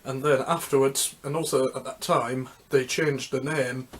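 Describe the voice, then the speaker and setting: A man's voice: medium pitch, steady tone, slight background noise. A man in a mid-range voice gives an unscripted talk on music history. He rambles and halts, stops often to restart his sentences, and keeps a loose, casual way of talking. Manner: rambling, halting, with many restarts. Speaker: music history video host.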